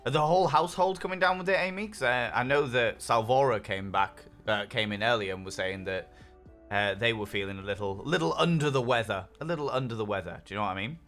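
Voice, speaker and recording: A man's voice: mid-range voice, fast talker, fairly bright tone. A man streaming a game, chatting casually with viewers, upbeat and swearing freely. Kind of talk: casual chat while reading viewer messages. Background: faint lo-fi music.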